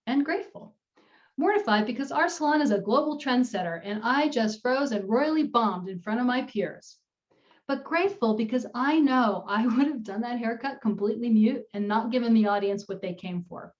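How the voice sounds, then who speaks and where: A woman's voice: on the high side, expressive, normal speed. An upbeat woman in her fifties presents a talk on public speaking over an online call, telling a story about her own past. The audio is a little dull and lo-fi. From United States. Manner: storytelling, upbeat with frequent laughs.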